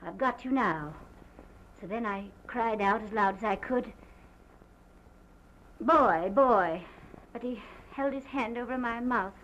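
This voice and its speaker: An actress as a shaken planter's wife. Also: female voice, fairly high pitch, fairly bright tone, natural voice. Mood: agitated. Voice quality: halting, breathless and theatrical. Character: distraught planter's wife recounting a shooting. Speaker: witness giving a statement. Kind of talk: early sound film acting. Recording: muffled 1929 film sound with faint hiss.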